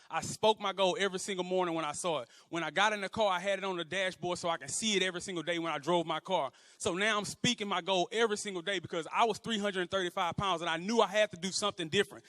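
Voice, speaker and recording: High-pitched fired-up man on stage. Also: sharp tone. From Houston, Texas. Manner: fired-up, rallying the crowd, repeats phrases. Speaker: motivational speaker. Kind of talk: motivational stage speech with crowd call-and-response. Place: large event room with an audience. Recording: long hall reverb with a crowd.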